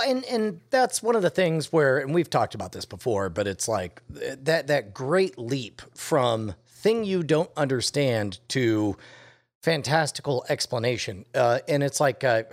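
A man in casual conversation, reflective, thinking his points through aloud with fillers. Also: medium pitch.

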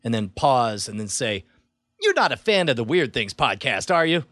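A man's voice: mid-range voice, sing-song, moderate pace, fairly bright tone, no room sound. Playful, hesitant male role-play player. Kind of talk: comedic role-play chat.

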